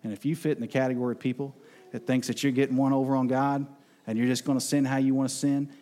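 A man preaching a sermon as pastor, emphatic, swinging between loud outbursts and soft, low passages. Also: level tone, fast. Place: church sanctuary. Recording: long reverb of a large hall.

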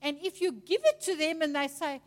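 High-voiced woman preacher. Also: normal speed. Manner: chatty, animated storytelling with mimicry. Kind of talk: teaching sermon.

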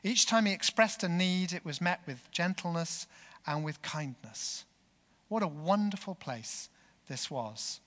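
A man delivers a sermon in a slow, deliberate pace, his earnest storytelling carried on a bright, clear voice. A long church reverb trails every phrase. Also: a little high, expressive. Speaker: preacher.

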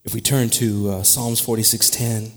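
A man preaching a sermon, dropping to quiet, conversational asides and then rising to loud, emphatic shouts, with laughter along the way. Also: lowish voice, moderate pace. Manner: animated, with laughter and restarts. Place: church.

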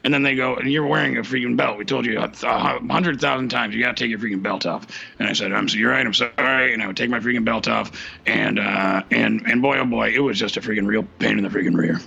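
A man acting out a rambling male radio co-host with a deeply gravelly, raspy voice that is bright and edgy. He stammers and restarts constantly, dropping "freaking" into nearly every phrase. It sounds like a dull, lo-fi comedy radio sketch. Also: quick pace, exaggerated voice. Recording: dull lo-fi recording.

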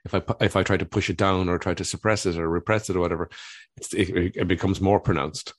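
A man's voice: low voice, steady tone, quick pace, no echo, studio quality. A man speaking as a family therapist guest in an interview, earnest and explanatory, often repeating words as he thinks. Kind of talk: reflective conversational interview.

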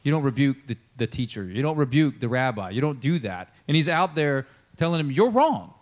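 A man's voice: medium pitch, lively intonation, fairly quick. An American man preaching a sermon as a pastor, in a casual, conversational style full of fillers, often acting out the dialogue of Bible figures.

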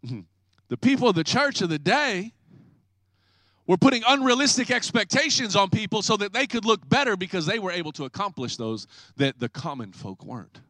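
A man pastor preaching an energetic, joking sermon, acting out people's excuses. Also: high-pitched, normal speed, dry recording, clean studio sound.

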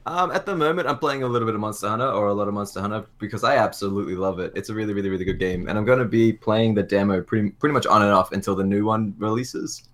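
An Australian man guesting on a podcast, joking around with crude, energetic banter. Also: lowish voice, rapid-fire, hardly any pauses. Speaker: streamer guest. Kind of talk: casual chat.

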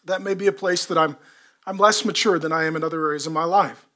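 A man, a pastor, preaching a sermon in a lively way, with repeated rhetorical questions to the congregation. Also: fairly high pitch, quick pace.

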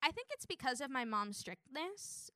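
A woman's voice: high voice, very animated, moderate pace, pushed and bright, no room sound, clean studio sound. A young woman, a student, narrating a personal story in a wry tone. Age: young adult.

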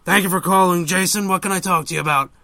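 A man doing an impression of an older male call-in radio host, slow and drawling, handing out random advice. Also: high voice, fairly even intonation, vocal fry, sharp tone, no echo, full character voice. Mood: droning. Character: older male talk-show host, rambling. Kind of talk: comedic impression sketch.

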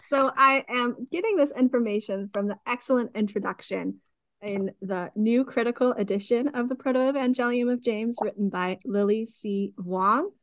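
A woman's voice: on the high side, moderate pace, dry recording. A woman co-hosting a podcast, explaining historical sources in a casual way and reading passages aloud. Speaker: podcast co-host presenting research.

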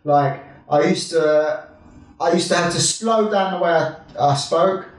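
A man's voice: on the high side, a little slow, far from the mic. A man from Kent with a southeast English accent, telling casual anecdotes with plenty of swearing and laughs. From Kent, England. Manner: swearing, laughing, animated anecdotes with acted-out quotes. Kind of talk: casual chat, storytelling. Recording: echoey room, faint noise.

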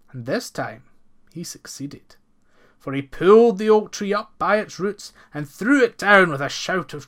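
A man narrating an old folk tale in a steady, expressive storybook reading. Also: fairly high pitch.

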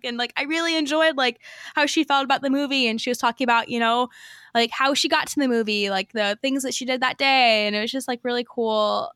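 Young woman, bubbly chatty podcast co-host, bright clear tone, dry close mic. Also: fairly high pitch, no echo. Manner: chatty, bubbly storytelling full of fillers. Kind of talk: casual chat.

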